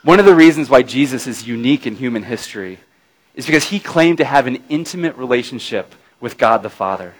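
A man's voice: mid-range voice, animated, fairly quick, poor audio. A man preaching a sermon, retelling a scripture scene dramatically, dropping his voice to a near-murmur at tender moments and asking his listeners questions along the way. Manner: addresses listeners with tag questions.

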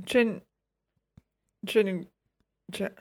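A woman's voice: mid-range voice, drawn-out words, background noise. A woman co-hosting a casual movie-review chat, talking bluntly with plenty of swearing. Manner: blunt, profane, animated. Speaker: podcast co-host.

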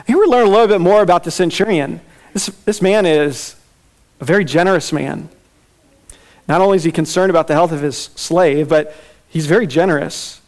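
A male pastor preaching an expository sermon in a conversational, animated way, acting out quoted voices and laughing now and then. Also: fairly high pitch, fairly quick.

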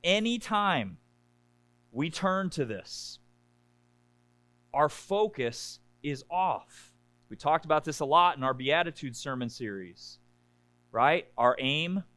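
A man's voice: expressive, slow pace, pauses often, fairly bright tone, no room sound. A man preaching a conversational sermon to a congregation, often checking in with "right?" and acting out whiny complaints. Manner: acts out complaining voices in a high whiny pitch. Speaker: pastor.

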